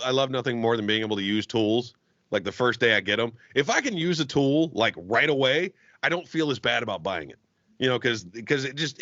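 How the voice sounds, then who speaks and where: Cussing mechanic guy telling a story, sharp bright voice, kinda muffled lo-fi podcast mic. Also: medium pitch, no echo. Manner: heavily profane, animated ranting. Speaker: podcast guest, auto technician. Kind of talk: casual storytelling chat. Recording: dull, dry lo-fi podcast audio.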